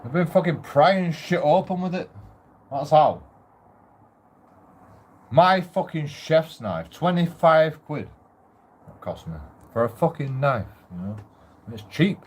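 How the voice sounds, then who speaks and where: A man's voice: on the high side, lively intonation, unhurried, pauses often, slight background noise. A man ranting casually at home in a shared house, grumbling and swearing as he rambles with restarts. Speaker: vlogger.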